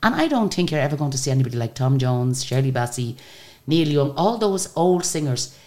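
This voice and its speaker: Older woman, radio guest; low, expressive voice, animated storyteller who acts out each exchange. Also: a little fast. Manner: chatty, animated retelling of stories with quoted dialogue. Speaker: guest singer. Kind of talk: radio interview, anecdotal storytelling.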